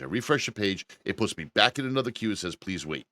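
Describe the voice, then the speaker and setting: A man co-hosting a casual podcast, telling an animated, exasperated story with frequent profanity. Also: lowish voice, brisk, hardly any pauses, no room sound. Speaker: podcast co-host. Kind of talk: casual chat.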